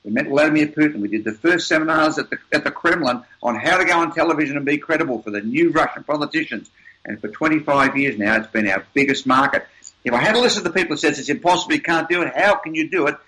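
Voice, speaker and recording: A man's voice: a little high, lively intonation, fast, pushed and bright, low-quality recording. An older man, an interview guest, telling motivational stories in an emphatic, upbeat way with repeated words. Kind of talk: motivational storytelling.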